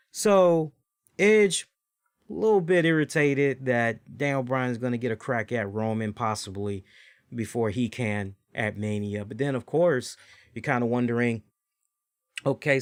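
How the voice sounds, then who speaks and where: A man's voice: medium pitch, no echo, studio quality. A man hosting his own show, chatting casually and rambling as he talks straight to his viewers. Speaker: show host. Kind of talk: casual solo review chat.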